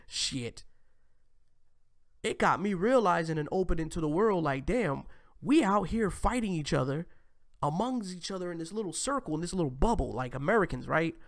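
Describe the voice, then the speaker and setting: Gravelly, animated man hosting commentary. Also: fairly high pitch. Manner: animated, loose and profane, laughing often. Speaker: host. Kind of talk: casual commentary on clips.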